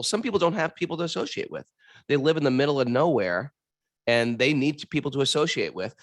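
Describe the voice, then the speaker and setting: A man's voice: a little high, fairly bright tone, no room sound, studio quality. Playful man in casual spiritual chat. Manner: playful, laughing, quick asides. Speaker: co-host answering questions.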